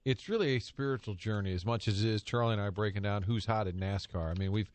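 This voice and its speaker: A male radio host who talks in a relaxed way and asks curious questions. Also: on the low side, fast. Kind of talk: casual radio chat.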